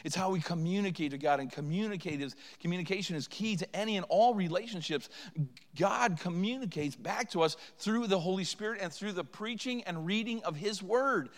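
High-voiced man preaching in a reverberant church. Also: fairly quick. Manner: impassioned, acts out pleading prayers with rising volume. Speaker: visiting revival preacher. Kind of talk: revival sermon. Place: church sanctuary.

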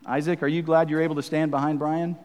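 Emphatic preacher with churchy reverb. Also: male voice, a little high, little pitch movement, fast talker. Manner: emphatic, conversational, swinging between loud and soft. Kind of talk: sermon.

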